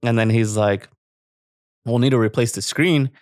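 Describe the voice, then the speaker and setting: A man's voice: medium pitch, normal speed, no room sound, studio quality. A man casually ranting and telling a story as a podcast co-host, swearing freely and laughing often. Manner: profane, animated, laughs often.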